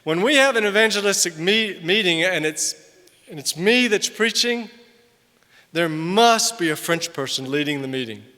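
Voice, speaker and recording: An older man, a missionary, giving an animated conference sermon, loud on emphasis and quiet in asides. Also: sits high, normal speed. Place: large hall. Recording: long hall reverb from a distance.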